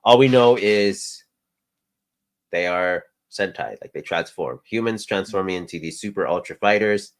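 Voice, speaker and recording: A man co-hosting a toy news show in casual chat, relaxed, laughing often and trailing off. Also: sits low, normal speed.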